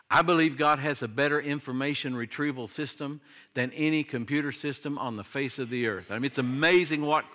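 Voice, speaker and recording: A man's voice: mid-range voice, pushed and bright. An older man, a pastor delivering a sermon in a conversational style that swings into emphatic declarations.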